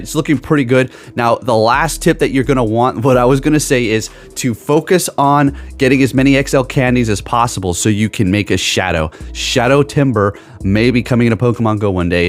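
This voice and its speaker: A man talking into a USB microphone, giving gaming tips and joking animatedly about his critics in a casual vlog. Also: lowish voice. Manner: animated, jokey, ranting about haters. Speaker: gaming YouTuber.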